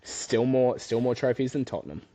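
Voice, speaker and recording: A man's voice: medium pitch, expressive, normal speed, a crowd in the background. A young English man co-hosting a sports podcast, chatting casually with teasing, jokey banter. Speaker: podcast co-host. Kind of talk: casual chat.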